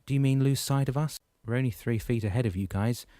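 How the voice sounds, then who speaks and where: Panicky young man voiced by a male reader, higher whiny pleading, dry storybook read. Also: quick pace, dark tone, no echo, natural voice. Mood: alarmed. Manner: high, alarmed, whiny pleading. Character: anxious young man, complaining, fearful.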